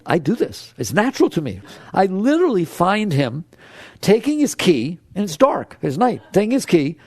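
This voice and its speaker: Animated high-pitched male spiritual teacher. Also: normal speed, breathy edge, no echo. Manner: animated and playful, swinging from low hushed tones to high excited exclamations; acts out voices and inner thoughts. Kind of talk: spiritual talk to an audience.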